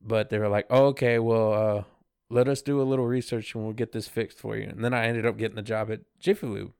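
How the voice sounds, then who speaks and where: A man's voice: lowish voice, fairly even intonation, fast talker, vocal fry, a little mellow, clear, resonant tone, dry recording, clean studio sound. A man co-hosting a podcast, telling a story in laid-back slang and quoting what others said to him. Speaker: podcast co-host. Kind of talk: casual storytelling chat.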